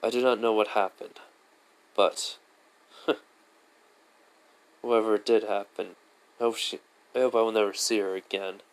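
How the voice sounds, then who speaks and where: A man's voice: fairly low pitch, fairly even intonation, measured pace, pauses often, natural voice. A man voicing a confident young male hero in a fan story retelling, in a casual, matter-of-fact way.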